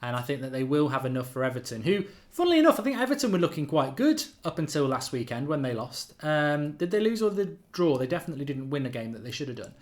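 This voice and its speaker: A man hosting a football fan channel, giving opinionated predictions in casual live-stream chat, animated and full of fillers. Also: on the high side, fast, hardly any pauses.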